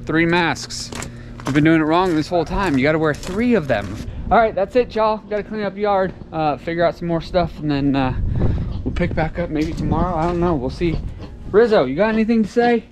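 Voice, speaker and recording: A man's voice: fairly high pitch, moderate pace, background noise. A man from Tennessee, vlogging casually outdoors in a farmyard while he does chores, ranting and sarcastic. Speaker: homestead vlogger. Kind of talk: casual vlog.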